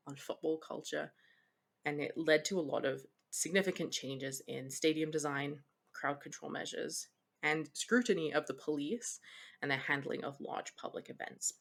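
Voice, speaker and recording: A woman co-hosts a podcast in easy, chatty talk. Her voice sits low and carries a husky edge. She laughs readily and drifts into explanations between jokes. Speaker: podcast co-host. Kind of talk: casual chat.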